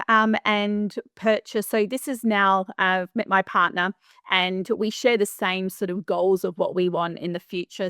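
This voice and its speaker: A middle-aged Australian woman talks through her stories as a podcast guest, chatty and animated, often restarting sentences. Her pitch sits in a mid range for a woman. The sound is dry and close, with no room around it. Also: dry recording. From Western Australia. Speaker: property manager, podcast guest. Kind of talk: casual interview storytelling.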